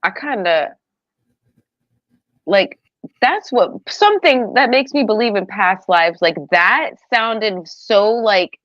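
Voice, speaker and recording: A female co-host chats casually and hesitantly, saying "like" constantly. Her intonation is animated. Her audio sounds slightly dull and dry. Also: medium pitch, takes it slowly, dry recording. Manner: hesitant, says like often. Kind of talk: casual show chat.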